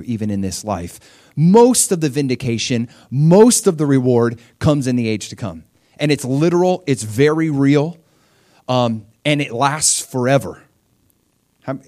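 A man's voice: mid-range voice, mellow. Middle-aged man preaching, earnest and emphatic, loose and conversational, mid-range voice. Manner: earnest, emphatic, often repeats and restarts words. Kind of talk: conversational sermon.

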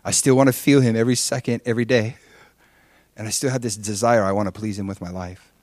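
A pastor in his forties preaching a sermon, telling a personal story in an animated way and acting out his own past prayers and conversations. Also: on the low side, quick pace, no echo.

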